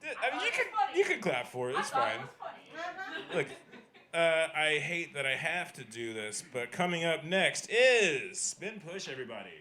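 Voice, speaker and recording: A man's voice: on the high side, wildly swooping pitch, normal speed, very noisy. A young man hosting a comedy show, telling a rambling story full of fillers between acts. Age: young adult. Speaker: host of a comedy open mic. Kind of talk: stand-up hosting. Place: small comedy venue.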